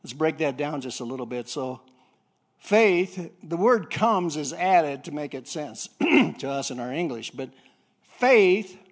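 A man preaching a sermon, telling a story with halting repeats and throat clearing, then climbing to loud excited peaks. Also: a little high.

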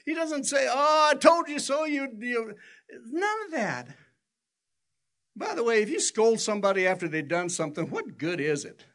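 Older guy preaching, storytelling, voice shoots up high when he quotes people. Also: animated, normal speed, fairly bright tone. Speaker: pastor. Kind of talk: sermon.

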